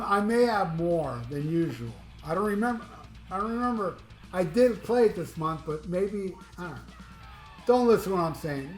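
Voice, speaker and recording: Rambling, high-voiced metal fan in an echoey room. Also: male voice. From Florida. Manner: rambling, enthusiastic, swears freely. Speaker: music vlogger. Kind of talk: casual chat. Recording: echoey room with music playing.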